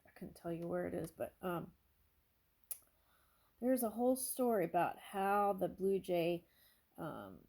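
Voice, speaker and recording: A woman's voice: lowish voice, lively intonation, unhurried, creaky, pauses often, mellow. A woman doing a casual tarot reading, thinking aloud and musing over each card with small exclamations. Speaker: tarot reader.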